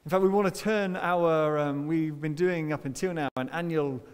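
A man's voice: on the high side, moderate pace, clear, resonant tone. Earnest male pastor in a reverberant hall. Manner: earnest, visionary. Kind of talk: sermon. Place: church hall.

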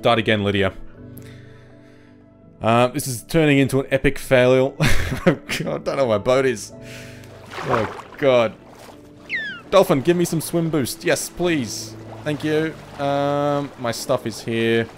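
A gaming video host delivers let's play commentary as he plays, his mid-range voice slow and broken by long pauses. He's excitable and panicky, swearing often, while game music and water sounds play behind him.

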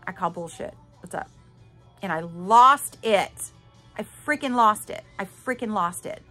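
A woman's voice: mid-range voice, pushed and bright. A middle-aged woman hosting a podcast, telling a personal story candidly and emphatically, talking straight to her listeners and swearing casually. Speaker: podcast host.

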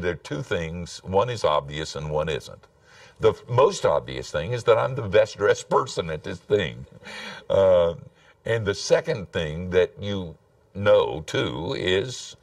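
A man's voice: deep voice, creaky, no echo, recorded from a distance. An older man, telling stories in a folksy, self-deprecating sermon. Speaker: preacher. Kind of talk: storytelling sermon.

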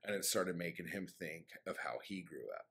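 A man casually recapping his own dark story, rambling with many fillers and blunt swearing. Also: low-pitched, normal speed, breathy edge. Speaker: author summarizing his story.

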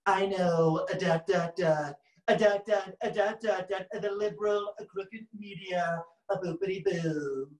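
A man doing a hushed, halting caricature of a male president, mumbling nonsense syllables. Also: high voice, reverberant, voice pushed up.

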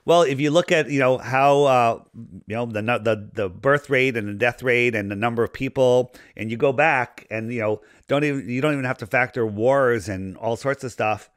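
A man speaking as a podcast guest in casual conversation, talking in a rambling, animated way as he loses his voice. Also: medium pitch, moderate pace, hardly any pauses, no echo, clean studio sound. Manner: rambling, animated conspiracy talk. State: losing his voice.

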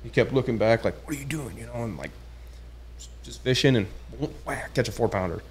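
A man's voice: medium pitch, brisk, slightly rough. A young man, a guest on a podcast, telling a story in casual chat. He talks in a laid-back way, says "dude" often and acts out the lines he quotes. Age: young adult. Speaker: podcast guest, tournament angler.

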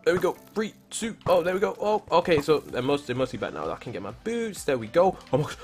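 A young man doing casual Minecraft commentary who keeps talking to his viewers and bursts into shouts when something goes wrong. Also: a little high, quick pace, soft background music. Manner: excitable, talks to viewers, repeats "guys", bursts into shouts. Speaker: gaming YouTuber.

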